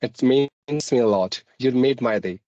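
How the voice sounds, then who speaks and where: A man's voice: medium pitch, moderate pace, mellow, no echo, muffled recording. Man, Indian English accent with American-British mix, polite, formal, dry close sound. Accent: Indian English with a mixed American-British lilt. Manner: polite and formal, often says ma'am. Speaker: guest, English teacher on YouTube. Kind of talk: conversational interview.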